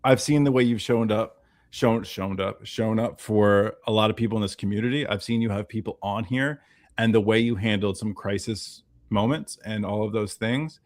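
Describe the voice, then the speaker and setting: A man on a casual livestream telling an animated story, acting out the voices of the people he quotes. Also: lowish voice, normal speed. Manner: animated storyteller who acts out quoted dialogue. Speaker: guest.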